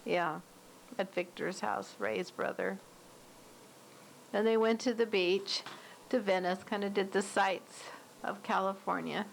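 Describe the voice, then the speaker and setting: A woman's voice: mid-range voice, steady tone, measured pace, vocal fry, pauses often, a little hiss or hum, poor audio. An older woman casually narrating old family home movies, recalling details in a chatty way. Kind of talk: casual reminiscing.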